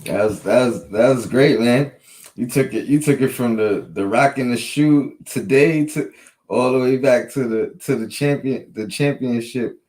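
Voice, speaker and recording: A man's voice: mid-range voice, moderate pace, darkish tone, low-quality recording. A middle-aged man, a podcast co-host, chatting casually and backing up his partner with short affirmations. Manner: supportive listener, short affirmations. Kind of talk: casual chat.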